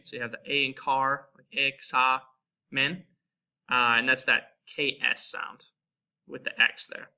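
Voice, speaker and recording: A young American man with an American accent, giving a relaxed spoken lesson and slowly repeating example words. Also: mid-range voice. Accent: American English. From United States. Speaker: Spanish teacher.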